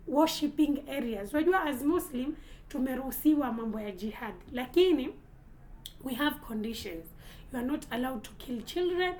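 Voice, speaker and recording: A woman's voice: high voice, animated, normal speed, a little mellow, low-quality recording. A young Kenyan woman from Lamu giving earnest vlog commentary, mixing Swahili into her English and pressing pointed rhetorical questions. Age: young adult. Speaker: content creator.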